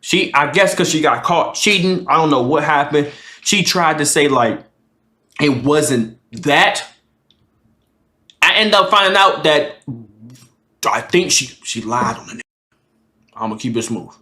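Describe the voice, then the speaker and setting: A man's voice: on the high side, animated, measured pace, pauses often, pushed and bright, roomy sound. A man streamer telling a casual storytime in a slangy, profane way, acting out the people in his story.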